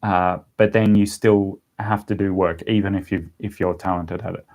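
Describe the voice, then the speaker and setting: A man's voice: low-pitched, moderate pace. A young man casually chatting on a livestream and answering viewer questions, rambling with lots of ums. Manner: relaxed, rambling, with frequent ums and laughs. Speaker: language-learning YouTuber answering live chat.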